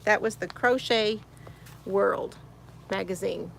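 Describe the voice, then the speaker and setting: A woman's voice: mid-range voice, slow, vocal fry, fairly bright tone, slight background noise. A woman hosting a casual crochet livestream from her she shed, greeting viewers by name, reading chat comments aloud and laughing often. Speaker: crochet channel host.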